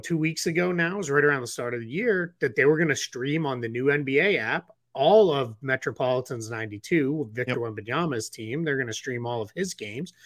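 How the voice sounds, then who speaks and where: Bright-voiced man chatting about basketball. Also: medium pitch, no room sound. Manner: rambling, many fillers and restarts. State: has the hiccups. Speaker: podcast co-host. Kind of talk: casual sports chat.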